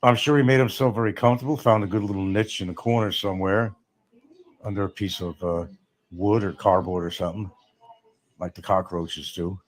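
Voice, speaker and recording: A man's voice: sits low, steady tone, brisk. A man hosting a casual livestream, rambling sarcastically and reading chat comments aloud. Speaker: livestream host.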